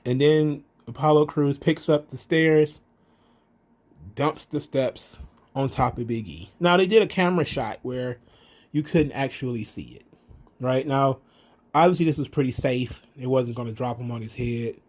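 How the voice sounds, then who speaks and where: A man's voice: mid-range voice, moderate pace. A man giving a casual, profane wrestling recap, acting out the wrestlers' lines in raised voices. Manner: animated, profane, acts out quotes in raised voices. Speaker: wrestling commentary podcaster.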